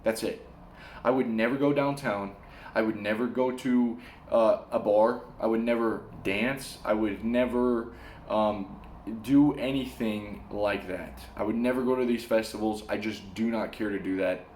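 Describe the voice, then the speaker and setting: Slangy animated man in an echoey room. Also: on the low side, a little slow, a little hiss or hum. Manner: animated storyteller, slangy, says "bro" and "man". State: sweating from the heat. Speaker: vlogger. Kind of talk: casual advice monologue. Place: small room, air conditioner switched off.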